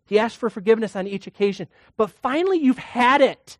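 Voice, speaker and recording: A preacher delivers a sermon in a conversational manner, full of rhetorical questions and acted-out quotes. The voice sits at a middle pitch. The sound is dry and close. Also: animated, moderate pace, dry recording.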